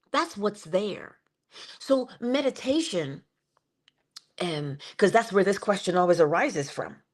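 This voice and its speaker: Woman, inspirational speaker, casual spiritual talk, playful, slows down for emphasis. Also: mid-range voice, sing-song. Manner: conversational, playful asides, slow drawn-out emphasis.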